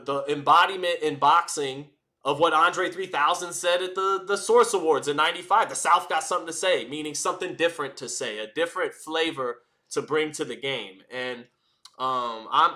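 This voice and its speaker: A man talks on his live stream in a bright, forceful voice that sits a little high. He rambles through casual commentary with plenty of fillers and restarts, close to a desk microphone. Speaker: boxing commentator and livestream host.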